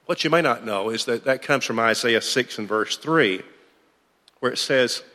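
A man's voice: medium pitch, normal speed, pushed and bright. Guy teaching a church bible class, talks it through as he goes, reverby hall sound. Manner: conversational, thinking aloud with restarts.

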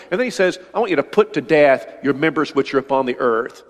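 A man's voice: mid-range voice, animated, quick pace, hardly any pauses. An older man preaching a sermon, emphatic and often repeating phrases for stress. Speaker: pastor. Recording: long hall reverb.

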